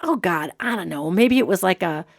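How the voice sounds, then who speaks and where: Animated woman host telling stories. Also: lowish voice, moderate pace, creaky. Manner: animated storyteller, acts out quotes. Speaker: host and medium. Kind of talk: casual podcast chat.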